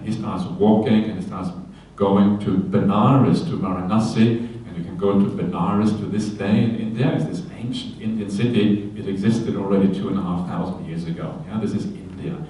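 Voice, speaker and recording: A man, a Buddhist monk, giving a conversational Dharma talk at a retreat, with many fillers and "yeah?" tags, breaking into lively quoted voices. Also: on the low side, normal speed, few pauses, slight background noise. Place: retreat hall. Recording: very echoey hall, voice from far off.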